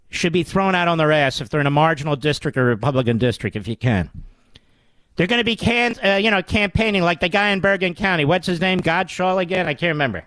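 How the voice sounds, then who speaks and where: A man's voice: sits high, animated, fairly quick, fairly bright tone, no room sound. A man hosting political talk radio in a combative, sarcastic way that often builds into a heated rant.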